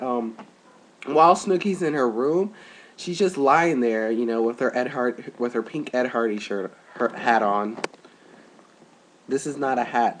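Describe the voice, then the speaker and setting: A young man rambles through a casual vlog into a webcam at home, his voice sitting at an ordinary middle pitch. He piles on fillers and jumps way up high whenever he quotes someone. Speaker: vlogger. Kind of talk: casual chat.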